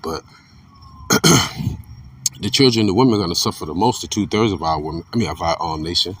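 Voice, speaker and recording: Husky and brisk, a man's voice comes from well away from the microphone in an informal monologue about religion. He swears freely, hammers the same points, and shifts between heated eruptions and low grumbling.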